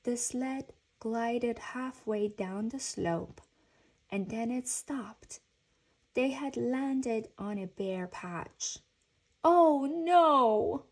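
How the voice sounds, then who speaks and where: Slow, husky woman reading a storybook. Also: fairly high pitch, rough recording. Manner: gentle, even storytelling. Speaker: reader.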